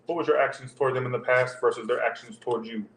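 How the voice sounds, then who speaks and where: A man's voice: mid-range voice, steady tone, fast, vocal fry. Man, tarot reader, casual rambling talk, roomy echo. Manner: loose, rambling, talks straight to viewers. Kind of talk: casual tarot reading for viewers. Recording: roomy echo with faint background hum.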